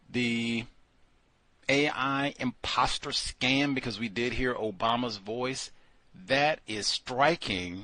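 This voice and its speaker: Male talk host, casual joking monologue, bright lively voice, dry close sound. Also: dry recording. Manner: animated, joking, swings between loud exclamations and low mutters. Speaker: call-in show host.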